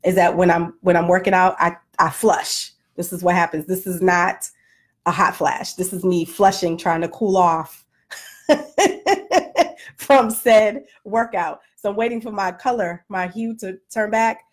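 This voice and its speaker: A woman in a casual, comedic vlog rant, animated and self-deprecating, still winded and flushed from a workout. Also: fairly low pitch, measured pace. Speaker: vlogger.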